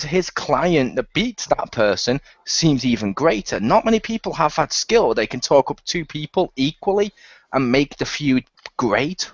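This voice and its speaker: A podcast co-host with a slightly high male voice gives blunt, opinionated takes in a casual wrestling chat. The audio is dull, dry and lo-fi, with no room sound.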